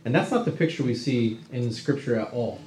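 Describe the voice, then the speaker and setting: Male Bible class teacher, mid-pitched and chatty, recorded with a roomy echo. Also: animated, fairly quick, a little mellow. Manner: conversational, checks in with 'right?' tags.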